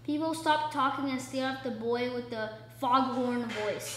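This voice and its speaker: A woman's voice: high-pitched, normal speed, roomy sound, slight background noise, poor audio. A young woman reading a children's book aloud, stopping for chatty asides that explain the story. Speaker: book reader.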